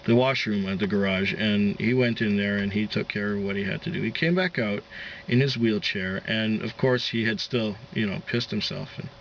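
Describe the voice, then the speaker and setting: A man's voice: on the low side, normal speed, vocal fry, fairly bright tone, lo-fi sound, slight background noise. Rambling man telling a taxi story. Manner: rambling, many fillers and restarts. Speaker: taxi driver. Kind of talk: casual storytelling vlog.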